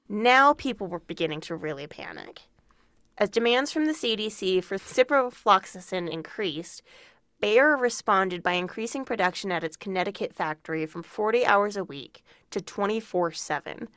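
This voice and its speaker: A woman's voice: mid-range voice, fairly bright tone, dry recording, studio quality. Woman narrating a true crime podcast. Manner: reads prepared narration, casual asides. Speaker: podcast co-host.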